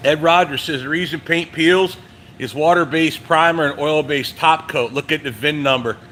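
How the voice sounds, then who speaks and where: A man's voice: on the high side, moderate pace, pushed and bright. A man hosting a live stream from his truck repair shop, chatting casually and reading viewer comments aloud. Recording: echoey shop with machine hum.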